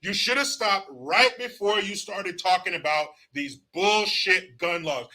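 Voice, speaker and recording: A man's voice: high-pitched, unhurried, hardly any pauses, bright, forceful tone. A man hosting his own political commentary show, ranting bluntly and sarcastically with plenty of profanity.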